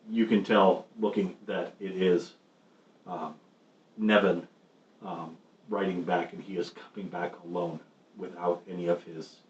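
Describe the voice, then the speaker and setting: Male game master, low and unhurried, hesitant narration, roomy lo-fi stream sound. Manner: halting, many ums and restarts. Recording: roomy, muffled stream audio with faint noise.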